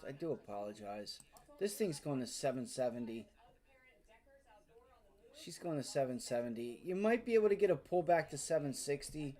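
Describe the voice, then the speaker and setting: A man's voice: mid-range voice, lively intonation, normal speed, mellow. A man hosting a live day-trading stream, frustrated and swearing, muttering to himself as he talks to viewers. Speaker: day trading livestream host.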